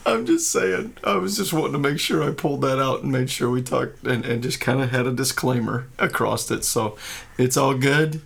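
A man's voice: medium pitch, moderate pace, creaky, fairly bright tone, slightly rough. A man hosting a casual talk show, rambling and joking, often laughing. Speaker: podcast host. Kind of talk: casual chat.

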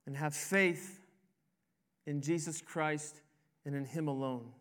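A man's voice: fairly high pitch, fairly even intonation, slow pace, a bit bright. A man preaching a sermon as a pastor, with an emphatic delivery that rises and falls. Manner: emphatic, rising and falling preaching cadence.

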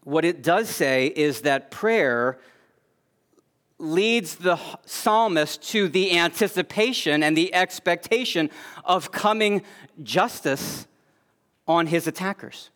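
A man preaching a sermon as pastor, earnest, rising to emphatic peaks and then dropping soft and low. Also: animated, takes it slowly.

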